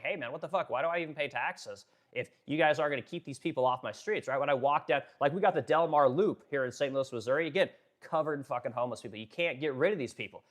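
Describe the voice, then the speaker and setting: A man from Oregon giving a casual political rant to his viewers, animated, swearing, and ending lines with "right?". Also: fairly high pitch. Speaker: political commentator.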